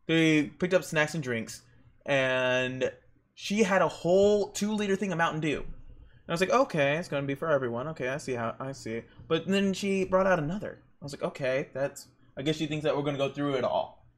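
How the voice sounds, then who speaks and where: A young man telling rambling stories while drawing on a stream, jumping into high squeaky voices for emphasis. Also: a bit bright.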